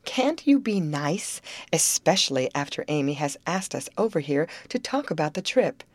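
A woman's voice: sits low, expressive, brisk, no room sound. A woman voicing Betty, a sensible teenage girl who keeps the peace, speaking in an earnest, coaxing way. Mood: pleading.

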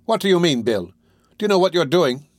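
A man's voice: a little high, sing-song, brisk, no echo, clean studio sound, voice pushed up. A man reading an audiobook, voicing a pale, troubled young woman who answers curtly. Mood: alarmed.

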